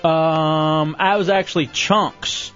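A man hosting a radio show in casual, animated banter, quick to tease and laugh. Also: on the high side. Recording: dull lo-fi radio recording with faint music.

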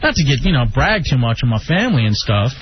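A man's voice: medium pitch, sing-song, fast talker, slight background noise. A man hosting a casual radio show, joking and laughing often and mocking himself. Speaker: radio host. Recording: dull lo-fi radio recording.

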